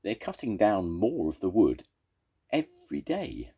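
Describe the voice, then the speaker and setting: A man's voice: on the low side, wildly swooping pitch, measured pace, mellow, slightly rough, voice pushed up, heavily acted. A man doing a gloomy, fretting old badger. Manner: gloomy, head-shaking worry. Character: gloomy, worried old male badger, a leader.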